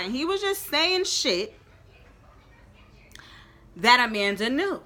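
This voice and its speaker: A young woman telling a storytime in a lively, profane, emphatic way. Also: high-pitched, slow pace, pauses often. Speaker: vlogger. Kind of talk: storytime chat.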